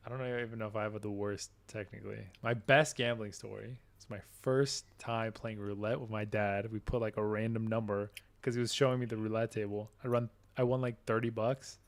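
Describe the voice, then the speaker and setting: Relaxed man in casual podcast chat. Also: lowish voice, fairly quick, hardly any pauses. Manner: laid-back, laughs easily. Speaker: podcast co-host.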